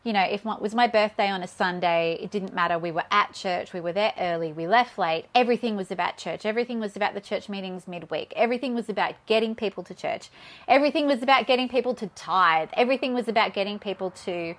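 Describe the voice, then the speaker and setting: A woman's voice: mid-range voice, fast talker, a bit bright. Aussie woman in her 30s, interview guest, candid, bit shaky, talks it through earnestly. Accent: Australian. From Australia. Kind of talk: personal interview.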